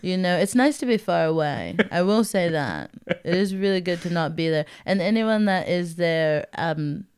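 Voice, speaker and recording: A woman's voice: lowish voice, animated, normal speed, hardly any pauses, darkish tone, smooth. A woman from Texas, a comedian chatting as a guest on a podcast, rambling and self-deprecating, often laughing. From Texas, USA. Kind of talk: casual podcast chat.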